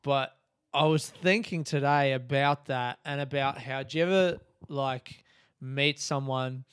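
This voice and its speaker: A comedian in his thirties, ranting through his stories on a solo podcast with plenty of swearing. His voice sits at an ordinary middle pitch. It is recorded close and dry, with no room sound. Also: unhurried, smooth, no room sound. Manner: sweary, ranting, animated retelling. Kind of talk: casual solo podcast storytelling.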